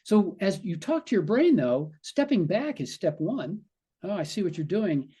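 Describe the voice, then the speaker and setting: A physician guest explains things in conversation with a mellow, slightly husky voice that sits high; he's very animated and speaks at a normal speed. Now and then he slips into quoted asides voicing what the brain might be saying.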